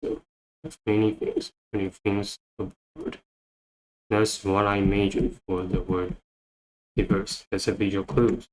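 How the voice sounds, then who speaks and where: A man teaching English vocabulary, repeating each word and phrase slowly as he explains. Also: lowish voice, darkish tone, slight background noise, poor audio. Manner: repeats words many times, thinking aloud. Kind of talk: slow, repetitive vocabulary lesson.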